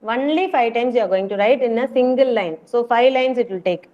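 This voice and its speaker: Brisk and a little mellow, a woman's slightly high voice carries an Indian English accent. As a preschool teacher running an online session over video call, she keeps encouraging the children with call-outs, though the audio is muffled.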